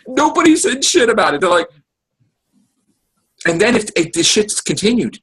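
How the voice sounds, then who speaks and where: A man co-hosting a casual fan podcast, talking in an animated way, swearing and acting out what people said. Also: high-pitched, normal speed, husky, low-quality recording. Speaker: podcast co-host.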